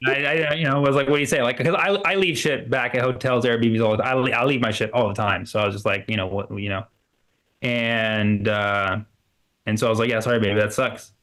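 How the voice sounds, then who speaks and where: Male stand-up comic, mid-pitched, rambling delivery, many restarts, plays both sides of the dialogue. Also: steady tone, a little fast, a bit bright. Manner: acts out both sides of conversations in quoted dialogue. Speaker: stand-up comedian. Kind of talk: stand-up set on a livestream.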